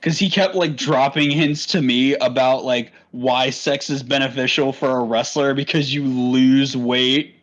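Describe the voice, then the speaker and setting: A man's voice: mid-range voice, steady tone, unhurried, few pauses, fairly bright tone. A young man co-hosting a podcast, telling crude stories in casual chat and swearing often. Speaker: podcast co-host. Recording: muffled lo-fi mic.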